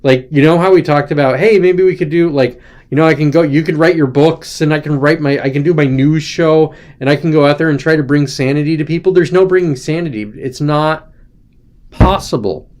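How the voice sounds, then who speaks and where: A man's voice: a little high, fairly quick, darkish tone. Rambling man hosting a casual livestream. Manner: digressive, chatty, frequent ums and self-corrections. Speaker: livestream host.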